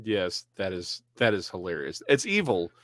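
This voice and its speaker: A man from Texas co-hosting a podcast, chatting casually with hesitant restarts that break into quick bursts. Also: low voice, big pitch swings, a bit bright, no room sound, studio quality. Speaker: podcast co-host. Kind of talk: casual chat.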